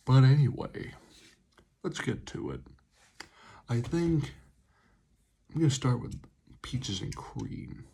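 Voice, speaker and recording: A man's voice: mid-range voice, lively intonation, slow, creaky, long pauses, warm tone, husky. A young man reviewing an energy drink, making sarcastic, swearing asides. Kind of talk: casual product review vlog.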